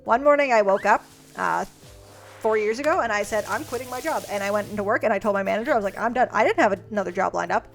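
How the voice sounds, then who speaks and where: Swearing freely, a young woman on a stream casually reads her old letters aloud and pokes fun at her younger self. Her mid-range voice is gravelly and she talks fast, with faint music in the background.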